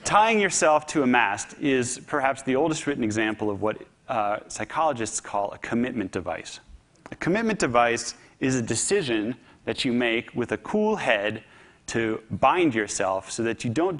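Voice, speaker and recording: A man's voice: medium pitch, big pitch swings, normal speed, a bit bright. Man telling a humorous story in a talk. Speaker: speaker.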